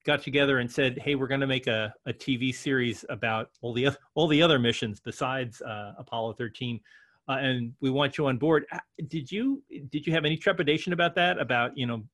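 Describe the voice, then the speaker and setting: A man hosting an interview, asking long, halting questions with repeated words. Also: medium pitch, a bit bright.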